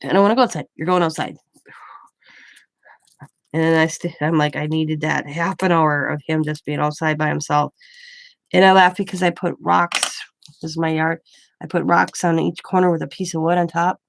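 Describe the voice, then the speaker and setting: A woman's voice: deep voice, flat delivery, moderate pace, vocal fry, no echo. An older woman, a grandmother, telling a rambling story in casual chat, with many restarts. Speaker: craft vlogger.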